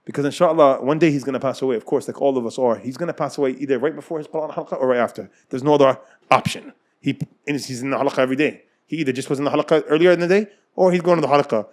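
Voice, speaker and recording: American man, quick-talking storyteller who acts out dialogue and laughs a lot. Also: medium pitch. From United States. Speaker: guest telling his life story. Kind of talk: casual storytelling.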